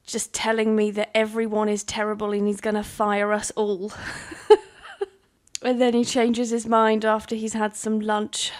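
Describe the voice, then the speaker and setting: A young British woman chatting casually as a YouTuber answering viewer questions, candid and self-deprecating, laughing often between fillers. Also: medium pitch. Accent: British English. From United Kingdom. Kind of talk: casual Q&A chat.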